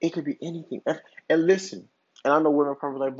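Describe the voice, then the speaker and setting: A man's voice: fairly high pitch, steady tone, very fast, darkish tone, husky. A man hosting a podcast, telling a long hypothetical story in a casual, rambling way with lots of filler words and restarts. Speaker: podcast host. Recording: dull lo-fi recording.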